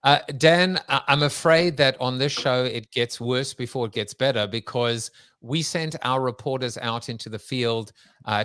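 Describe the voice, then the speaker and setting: A man's voice: medium pitch, a bit bright, smooth, no echo. Jokey rambling male podcast host. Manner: rambling, jokey, with fillers and restarts. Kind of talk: conversational interview.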